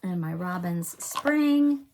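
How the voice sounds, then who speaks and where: The recording is very noisy, and the woman's fairly low voice moves with lively intonation while she takes her time. In her casual cross-stitch show-and-tell, she coughs, has a sore throat, apologizes a lot, and enthuses over her completed pieces.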